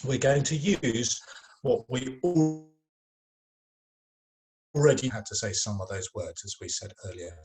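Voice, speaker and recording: Patient man teaching French to children. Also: mid-range voice. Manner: patient, encouraging, models sounds slowly with many fillers. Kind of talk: recorded lesson for children.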